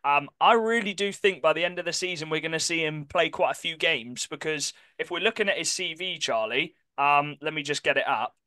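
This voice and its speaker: Man, podcast co-host, bright voice, dry close sound. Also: a little high, a little fast, few pauses, dry recording. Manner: chatty, self-correcting, apologetic about pronunciation. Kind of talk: casual sports chat.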